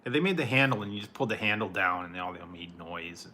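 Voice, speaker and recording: A man's voice: low-pitched, animated, quick pace, sharp tone, slight background noise. A man hosting a casual food-review livestream, chatting with viewers, laughing often and greeting people by name. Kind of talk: casual live chat with viewers.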